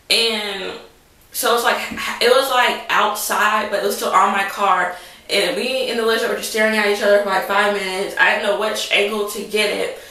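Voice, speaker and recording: A woman's voice: mid-range voice, sharp tone. A young woman telling a story to the camera in a rambling, dramatic way, full of "like". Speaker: vlogger. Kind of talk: casual storytelling. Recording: roomy echo, mic at a distance.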